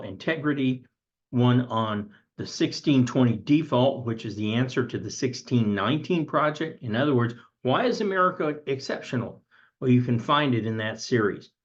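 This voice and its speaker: A man's voice: mid-range voice, lo-fi sound. Man giving a recorded history lesson. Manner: conversational, reads from a textbook with asides. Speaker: history teacher and author.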